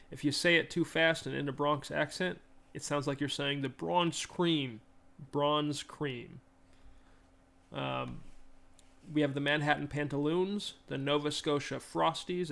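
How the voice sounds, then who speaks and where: Rambling man with a gravelly voice. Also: mid-range voice, fairly bright tone. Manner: rambling, self-correcting, enthusiastic. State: stuffy, congested. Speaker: game designer presenting his tabletop game. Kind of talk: casual livestream talk.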